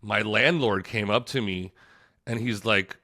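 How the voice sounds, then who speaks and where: A man's voice: lowish voice, unhurried, pushed and bright. A man, a travel creator telling stories as a guest in a casual podcast interview, laid-back, laughing often and calling people dude.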